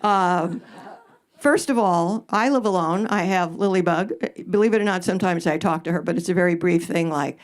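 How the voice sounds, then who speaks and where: A woman's voice: on the low side, moderate pace. Blunt, sarcastic woman advice host. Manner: blunt, sarcastic, swears casually, punchy jokes. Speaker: radio advice host answering audience questions. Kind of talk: live stage Q&A. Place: live event in front of an audience.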